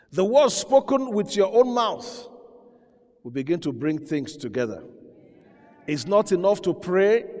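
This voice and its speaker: A man preaching a sermon, dropping to a hush and then rising to loud, emphatic peaks while he acts out voices. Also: fairly high pitch. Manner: preaching with dramatic swings from quiet to loud, acting out quoted voices. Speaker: pastor. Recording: long hall reverb.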